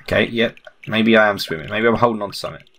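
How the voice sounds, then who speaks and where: Quick and a bit bright, this young man's voice sits on the low side as he narrates a let's play for his YouTube channel, over slight background noise. He keeps asking confused questions and voices the characters' dialogue.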